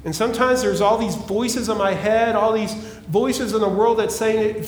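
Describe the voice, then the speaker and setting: A male pastor preaching a sermon, emphatic and repetitive, dropping at times to a hushed, pleading tone. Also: high voice, measured pace, hardly any pauses, slight background noise. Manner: emphatic preaching with repeated phrases and swings from loud to hushed. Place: church sanctuary. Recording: echoey church hall.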